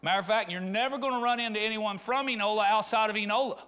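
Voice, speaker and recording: A man's voice: high voice, quick pace, sharp tone. A middle-aged man from rural Arkansas, preaching a conversational sermon that rises into fervent appeals. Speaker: pastor.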